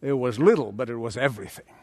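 A male pastor preaching a sermon in a dramatic way, swinging from booming lines to hushed ones. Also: quick pace, breathy edge, in a large hall.

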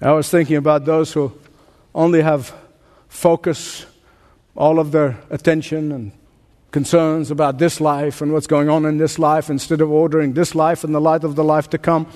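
Man, pastor, sermon, high voice, long hall reverb. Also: little pitch movement, normal speed, darkish tone. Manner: earnest preaching with a joke story.

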